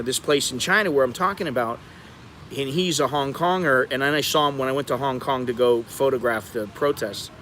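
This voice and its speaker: American man telling stories outdoors. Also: slight background noise. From United States. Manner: animated, bursts into high-pitched laughter and acted-out exclamations. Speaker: vlogger. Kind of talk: casual storytelling livestream.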